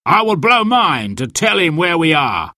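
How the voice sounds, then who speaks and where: A man voicing a boastful male sheriff villain in a storybook reading, proclaiming loudly and self-assuredly. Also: on the high side, sing-song, measured pace, no room sound, clean studio sound, pitched above the performer's own voice, exaggerated voice.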